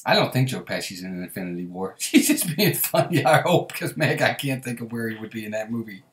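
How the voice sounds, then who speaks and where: A man's voice: medium pitch, lively intonation, a little fast, reverberant. A man hosting a casual live stream, chatting and laughing often as he reads viewer comments aloud. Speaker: host.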